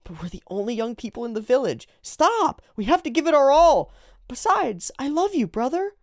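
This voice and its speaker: A man's voice: very high voice, very animated, moderate pace, no room sound, clean studio sound, pitched above the performer's own voice, heavily acted. A man voicing a fifteen-year-old girl, a clingy and affectionate younger sister, read aloud from a comic. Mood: pleading.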